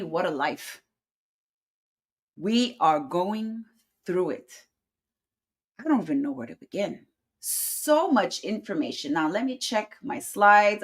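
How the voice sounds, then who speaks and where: A sassy middle-aged woman, a native French speaker, hosts a casual livestream and chats straight to her viewers. Her voice sits a little low, and she talks in an easygoing, familiar way, full of y'all and honey. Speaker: host.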